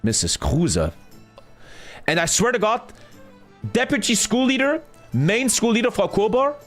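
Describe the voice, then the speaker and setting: A man's voice: sits high, unhurried, faint music behind. A man, telling a story on a gaming live stream in a casual, profane way and acting out what others said. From Germany. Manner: animated, profane, retelling with acted-out quotes.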